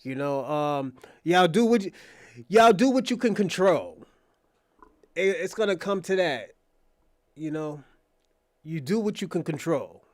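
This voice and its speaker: Blunt, high-voiced man hosting a stream. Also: expressive, a little slow, long pauses, no room sound, studio quality. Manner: blunt, profane, talks over clips. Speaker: livestream host reacting to clips. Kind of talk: casual reaction commentary.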